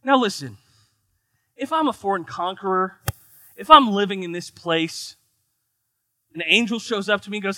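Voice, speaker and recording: A man from the United States preaching a sermon in an animated, joking, conversational way. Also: high voice, moderate pace, pauses often, no echo. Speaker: pastor.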